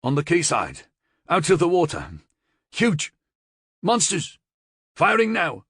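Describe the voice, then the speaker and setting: A man voicing a panicked male radio operator who shouts frantically in a high voice. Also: unhurried, no room sound, studio quality. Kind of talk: audiobook character voice.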